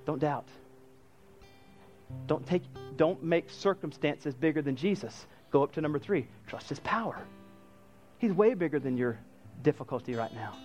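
A man preaching a sermon in an animated way, acting out the quoted lines of the story. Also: on the high side, normal speed, long pauses, faint music behind. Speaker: pastor.

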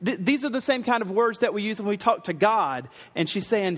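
High-voiced preacher in a reverberant hall. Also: male voice, brisk, few pauses. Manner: animated, acts out Bible figures' lines. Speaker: pastor. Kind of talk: sermon.

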